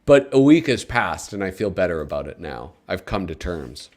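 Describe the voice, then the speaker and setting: A man's voice: deep voice, moderate pace. A man hosting a casual live stream, chatting with viewers and joking as he reads a comic magazine aloud. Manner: animated and joking, with sudden excited yelps; talks to chat viewers.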